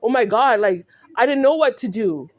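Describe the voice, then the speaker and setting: Speaking at a normal speed with an animated, rather high voice, this vlogger from California confronts the camera in an angry rant. She keeps repeating herself and keeps asking "right?"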